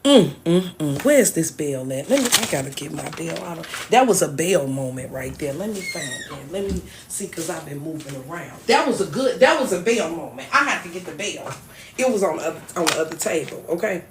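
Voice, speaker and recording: On a phone-recorded TikTok live at home, a woman with a low, expressive voice speaks briskly over background noise while moving around indoors. She preaches a spiritual message to her viewers with earnest emotion, repeating herself as she goes.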